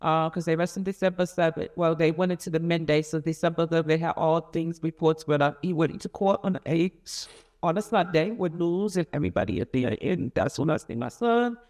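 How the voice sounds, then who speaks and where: A woman's voice: sits low, darkish tone. Emotional middle-aged woman telling her story. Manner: rambling, halting storytelling with many restarts; emotional, rising and falling with feeling. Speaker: interviewee, mother of a convicted son. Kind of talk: emotional personal account in an interview.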